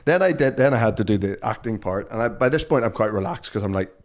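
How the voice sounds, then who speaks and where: A Northern Irish man in his forties, speaking in a fairly low voice. He rambles through his stories in a relaxed interview, restarting sentences and laughing at himself. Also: fast. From Northern Ireland. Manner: rambling, self-deprecating, many restarts. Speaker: guest. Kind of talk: casual interview storytelling.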